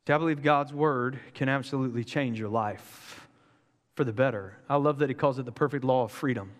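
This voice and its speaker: A man preaching a sermon in an energetic, joking, conversational way. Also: mid-range voice, brisk, long reverb tail. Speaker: pastor.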